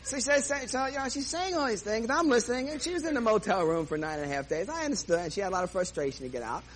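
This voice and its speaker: A man's voice: sits high, animated, very fast, slight background noise, low-quality recording. A man comedian telling a self-mocking story on stage and acting out the dialogue. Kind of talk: stand-up storytelling.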